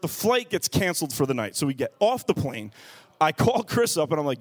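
A man who is a pastor, preaching a sermon and telling a funny story in a lively, animated way. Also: fairly high pitch, brisk. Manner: animated, acts out other people's voices.

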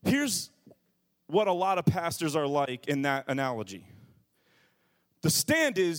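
A man in his thirties, a pastor preaching a lively sermon, dropping to a hush and then shouting as he acts out everyday scenes. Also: fairly high pitch, measured pace, long pauses. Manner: animated preaching, shifting from hushed to shouted, acts out quotes.

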